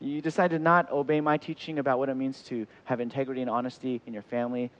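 A man preaching a sermon in an animated way, acting out the voices he quotes. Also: medium pitch, fast, few pauses. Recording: dull lo-fi sound.

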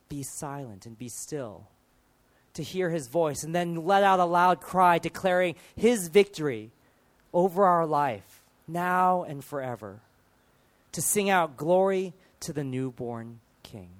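A man preaching a sermon, building through emphatic rhetorical questions and dropping to quieter moments. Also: fairly high pitch, unhurried.

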